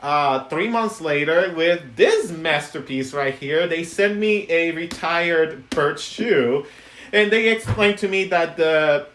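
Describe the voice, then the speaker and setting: Male puppet maker chatting on a live stream, a bit high-pitched, rambling and giggly, roomy sound. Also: expressive, slow, fairly bright tone. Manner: chatty, giggly, lots of ums and restarts. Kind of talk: casual live stream chat. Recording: echoey room.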